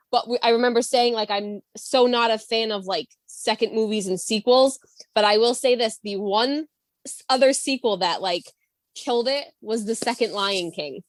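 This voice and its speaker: A woman's voice: a little high, no room sound. A pregnant woman, a podcast guest, chatting casually with lots of giggles and "like"s. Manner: giggly, says "like" a lot. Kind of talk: casual chat.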